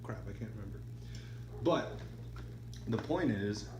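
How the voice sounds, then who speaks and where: A man's voice: lowish voice, expressive, a little slow, a little mellow, reverberant, a little hiss or hum, low-quality recording. A man talking casually while throwing dice at home, rambling between throws and counting results aloud. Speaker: craps vlogger. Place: indoors at a home dice-practice setup.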